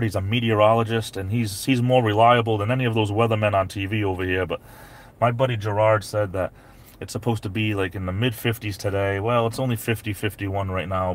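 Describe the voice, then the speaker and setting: A man chats casually on a live stream from inside his parked SUV. His voice sits on the low side, and he rambles easily and greets viewers one by one by name. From New England.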